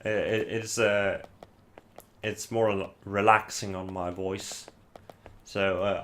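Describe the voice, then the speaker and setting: A man's voice: lowish voice, little pitch movement, slow pace, long pauses, a bit bright, a little hiss or hum. A man whose first language is Icelandic chats casually while streaming a game, rambling with lots of fillers and restarts. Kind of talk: casual gameplay chat.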